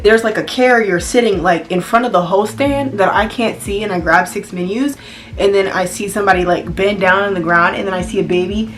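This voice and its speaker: A woman's voice: medium pitch, slight background noise. A young woman who works as a restaurant host, ranting casually and emphatically in a vlog. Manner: emphatic, exasperated storytelling.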